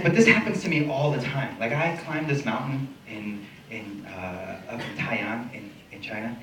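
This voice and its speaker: A Mexican-born stand-up comedian performs a set on a comedy club stage, animated and profane, acting out voices in a medium-pitched voice. The recording has a roomy club sound, captured from a distance, with audience noise.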